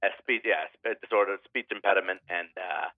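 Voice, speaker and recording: Deep-voiced man on a phone-like line. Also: fairly even intonation, brisk, no echo. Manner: hesitant, many uh fillers. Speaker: podcast co-host. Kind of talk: casual sports betting chat.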